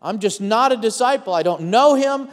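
A frightened, flustered disciple pleads over and over that he knows nothing, as a preacher puts him on mid-sermon. The man's voice sits high, and he talks in a hurried, repetitive scramble. A long reverb trails behind him, as in a church hall. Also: expressive. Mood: panicked denial. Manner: insistent, repeating himself in a flustered rush. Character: frightened adult male disciple denying his teacher.

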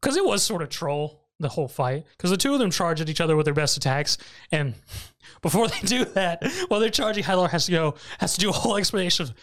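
An animated podcast host recaps an episode in loose, casual chat, laughing often and breaking into sudden high squeaks of amusement. The voice is mid-pitched and lively. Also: fast talker.

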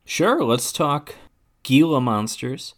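A man co-hosting a casual movie podcast, animated and laughing often, trailing off quietly at the ends of thoughts. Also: medium pitch, takes it slowly. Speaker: podcast co-host. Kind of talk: casual chat.

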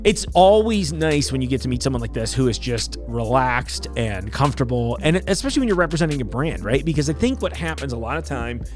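Chatty podcast host with a lively voice. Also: male voice, medium pitch, fairly quick, hardly any pauses, soft background music. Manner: rambling, chatty, apologetic, laughs between thoughts. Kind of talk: casual solo intro to camera.

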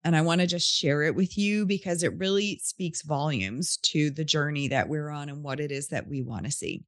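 A woman's voice: deep voice, normal speed, dry recording, clean studio sound. A woman podcast host telling a story in an earnest, heartfelt, casual way.

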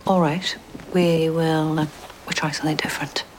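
An actress playing a calm female therapist in a TV drama, speaking gently and measuredly. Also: deep voice, moderate pace, slight background noise, close to an everyday voice. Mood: soothing. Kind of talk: TV drama acting.

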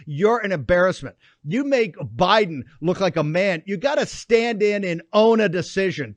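A man's voice: high-pitched, dry recording. A man hosting a political show, ranting and mocking in combative commentary. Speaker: show host.

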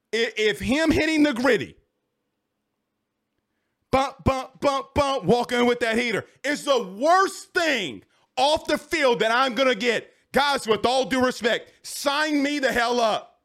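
A man's voice: very high voice, animated, unhurried, a bit bright. A man, ranting about sports straight at his audience in a heated, repetitive way. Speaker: sports talk host. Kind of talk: casual ranting commentary.

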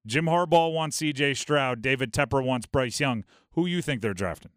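A man hosting a sports talk radio show, talking in an animated, quick way and dropping into mock voices for bits. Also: medium pitch, no echo, clean studio sound. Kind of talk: casual sports talk monologue.

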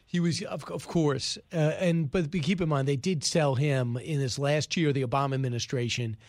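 A man's voice: fairly high pitch, steady tone, darkish tone. A man hosting a talk radio show, giving opinionated, emphatic commentary and taking calls. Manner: opinionated, emphatic, quick asides. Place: radio studio.

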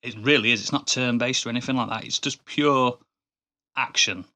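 A man's voice: medium pitch, moderate pace, bright, forceful tone. A man co-hosting a podcast in casual chat, enthusiastic and rambling, often restarting his sentences. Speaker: podcast co-host.

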